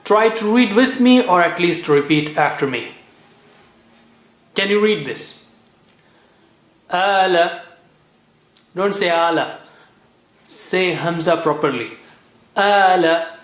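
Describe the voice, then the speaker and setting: A man's voice: high voice, animated, a little slow, long pauses, fairly bright tone. A man teaching Quran recitation in a classroom lesson, patiently repeating letter sounds and words for students to copy.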